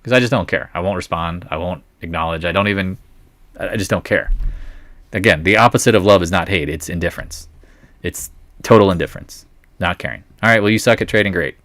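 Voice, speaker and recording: A man's voice: deep voice, brisk, fairly bright tone, dry recording. A man hosting a live market stream, thinking aloud in a wry, blunt way as he reads through earnings.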